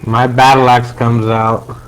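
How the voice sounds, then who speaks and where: A man's voice: mid-range voice, level tone, unhurried, a bit bright, smooth, rough recording. A man playing a tabletop game, plain and matter-of-fact. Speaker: player. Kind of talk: casual tabletop play.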